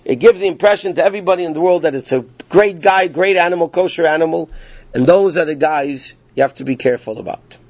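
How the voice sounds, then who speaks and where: A man with a slightly high, fast, somewhat mellow voice teaches a class through casual, rambling stories, often cutting himself off mid-sentence. It's an informal storytelling lesson, captured in a dull, lo-fi, dry recording.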